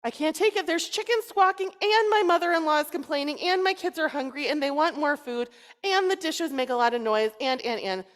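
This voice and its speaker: A woman's voice: brisk, lightly acted. A woman playing a frazzled man who complains about his crowded house, pleading and raising her voice. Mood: exasperated. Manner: pleading, complaining, higher and louder. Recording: long reverb in a large hall.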